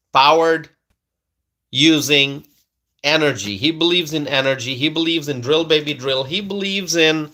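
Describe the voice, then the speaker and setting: A man with a bright, forceful, fairly high voice hosts a casual livestream from a home setup. He talks slowly and emphatically, repeats his phrases and keeps turning to his audience with questions. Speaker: livestream host reading viewer comments. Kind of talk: casual political livestream chat.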